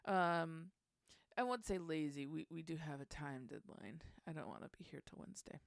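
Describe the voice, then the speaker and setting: A woman's voice: low voice, animated, normal speed, creaky, dry recording. A woman hosting a casual songwriting session, thinking aloud and trying out lyric lines under her breath.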